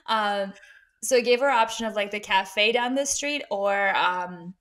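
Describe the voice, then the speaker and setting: A woman's voice: mid-range voice, unhurried, a bit bright. Chatty woman podcast co-host. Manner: chatty storyteller who laughs a lot. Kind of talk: casual chat. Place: dining room at home.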